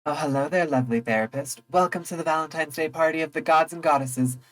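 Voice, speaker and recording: A woman's voice: deep voice, fast talker, close to an everyday voice, poor audio. A woman voicing a proud, devoted young spring goddess in a game, lofty and theatrical. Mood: indignant.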